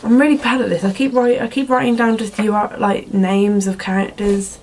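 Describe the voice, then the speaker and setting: A young woman answers viewer questions in a casual vlog chat, giggly and rambling, laughing at herself and using lots of fillers. Her medium-pitched voice is steady, a little mellow, and moderately paced.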